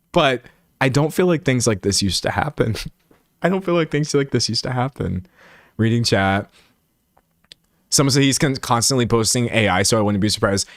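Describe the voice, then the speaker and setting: A man's voice: medium pitch, no room sound, studio quality. A man commentating on a live stream and reading chat aloud. He rambles, restarts his sentences and pokes fun at himself. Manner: animated and rambling, self-mocking, many restarts.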